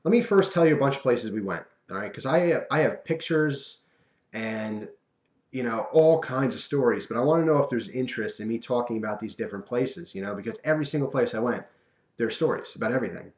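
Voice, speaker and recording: A man's voice: fairly low pitch, roomy sound. A young man telling a funny personal story in a casual, rambling way, with lots of fillers and asides.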